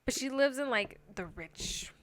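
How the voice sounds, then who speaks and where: A woman's voice: high voice, lively intonation, measured pace. A young woman co-hosting a podcast in casual, giggly, teasing chat with friends. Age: young adult. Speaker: podcast co-host.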